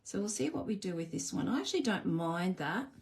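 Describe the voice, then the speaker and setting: A woman's voice: mid-range voice, big pitch swings, a little fast, vocal fry. A woman hosting a live card-making stream, chatting casually and laughing at herself while she works. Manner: chatty, self-deprecating, talks to viewers while working. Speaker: crafting live stream host. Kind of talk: casual live crafting demo.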